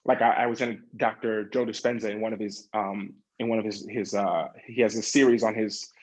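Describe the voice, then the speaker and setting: A man's voice: fairly low pitch, fairly even intonation, fairly quick, darkish tone, rough recording. A man leading a group coaching session over a video call, talking in a loose, chatty way with many fillers and acting out the questions people ask themselves. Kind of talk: casual motivational coaching talk.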